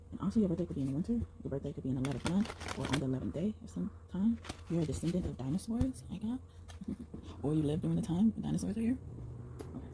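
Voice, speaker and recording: A young woman giving a casual tarot reading to her viewers, excited and rambling, often breaking into exclamations and slang. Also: sits low, noisy background. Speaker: tarot reader.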